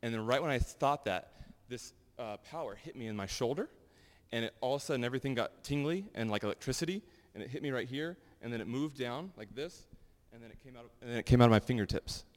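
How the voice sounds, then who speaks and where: A man giving a sermon and sharing personal testimonies in a loose, animated, conversational way full of fillers. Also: medium pitch, fast. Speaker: pastor. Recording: long hall reverb.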